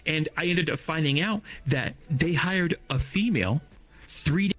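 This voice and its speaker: A man's voice: a little high, measured pace, soft background music. A young man rambling through a personal story in casual chat, repeating himself and swearing freely. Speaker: storyteller recounting job loss.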